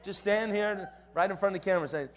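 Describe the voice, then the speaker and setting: Guy preaching w a pretty high voice, keeps getting the crowd to say stuff back. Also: fast. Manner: storytelling, engages the crowd with call-and-response. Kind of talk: sermon to a youth audience.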